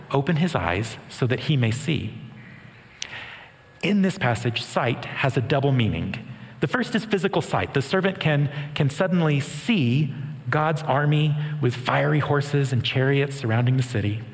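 A man's voice: mid-range voice, animated, normal speed. Earnest male preacher in a reverberant hall. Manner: earnest, with light humor. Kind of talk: sermon with scripture reading.

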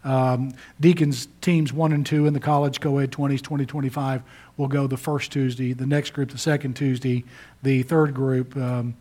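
A man's voice: medium pitch, little pitch movement, moderate pace, dark tone. A middle-aged male pastor preaching a sermon, stressing key words emphatically.

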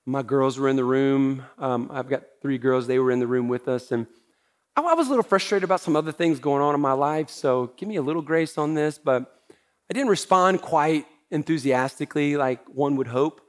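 A man's voice: medium pitch, normal speed. A man preaching a sermon as pastor, talking in a conversational way with self-deprecating humor.

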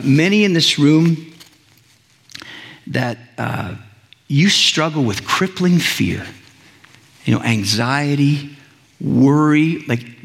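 Male pastor, slightly high voice, earnest conversational sermon, long hall reverb. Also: slightly rough. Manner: earnest, conversational preaching with many restarts.

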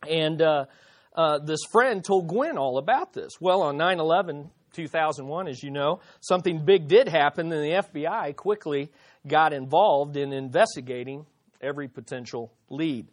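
A middle-aged pastor tells a personal story within his sermon, his fairly high voice marked by frequent restarts and repeated words. He slows down to stress the key lines.

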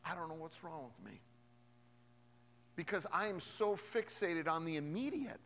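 A man preaching a sermon as a pastor, moving between hushed storytelling and loud, emphatic preaching. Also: sits high, normal speed. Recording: long hall reverb.

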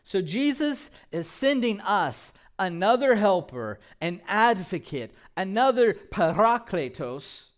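A man preaches to his congregation in a high, expressive voice that climbs and falls. He takes his time, lets each phrase land, and slips in small jokes and laughs. He asks the room to repeat key words back to him. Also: slow pace, hardly any pauses. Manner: animated preaching with call-and-response prompts; light humor, laughs at his own jokes. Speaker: pastor. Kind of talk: sermon.

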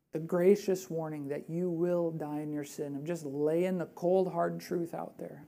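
Animated woman preaching a sermon. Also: deep voice, vocal fry. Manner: animated and conversational, with rhetorical questions; drops to a hushed, earnest voice for emphasis.

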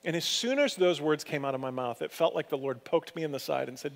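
A man preaching a sermon as pastor, telling stories in a conversational way with lively swings of pitch and loudness. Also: fast, creaky, few pauses, long reverb tail.

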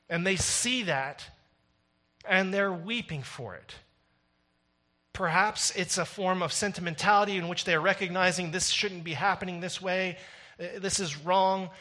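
Bright-voiced man preaching a sermon. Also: on the high side. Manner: builds from wry joking asides to intense emphatic preaching. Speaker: pastor. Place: recorded without a congregation.

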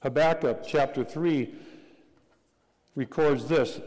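A man preaching a sermon as pastor, measured and deliberate, repeating key phrases for emphasis. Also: on the high side, expressive. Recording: long hall reverb.

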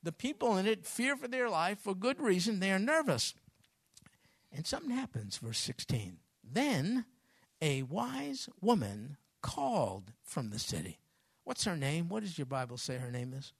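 Animated storytelling man preaching. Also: sits high, measured pace, vocal fry, slightly rough, no echo, clean studio sound. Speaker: pastor. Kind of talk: sermon.

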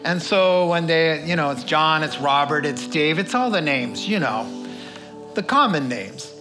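Folksy preacher over soft music. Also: male voice, a little high, lively intonation, a little slow. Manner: conversational, folksy, many asides. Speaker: pastor. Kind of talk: sermon with personal story.

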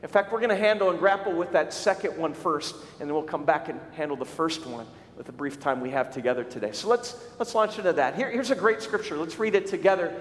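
A male pastor preaching a sermon, telling stories with animated shouts for emphasis. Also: fairly high pitch, quick pace, few pauses, slight background noise. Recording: echoey hall recording.

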